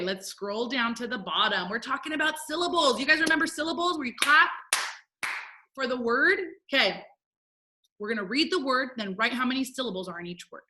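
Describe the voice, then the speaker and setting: A woman's voice: mid-range voice, bright, forceful tone. A woman teaching a first grade phonics lesson, upbeat and encouraging as she talks to young children. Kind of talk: recorded remote phonics lesson.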